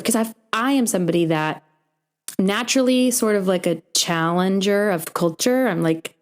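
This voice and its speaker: A young woman hosting a podcast, telling a long story in a casual, animated way and acting out the voices of the people in it. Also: on the low side. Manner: animated, acts out quoted voices in her stories. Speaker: podcast host.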